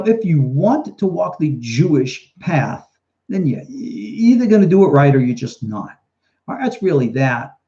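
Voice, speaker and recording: A man's voice: high-pitched, gravelly, mellow. A rabbi talks through viewer questions on a live stream, a man with a chatty, storytelling manner. His voice swings freely up and down as he talks. The sound is dull and lo-fi, like a webcam mic. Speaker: rabbi and teacher hosting a live Q&A. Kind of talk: casual live question-and-answer talk. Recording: dull lo-fi livestream audio.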